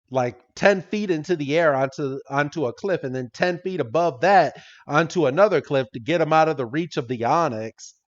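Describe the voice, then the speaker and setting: Excitable podcast host on muffled audio. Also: male voice, on the high side. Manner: excitable, swears casually, laughs often. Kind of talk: casual episode recap.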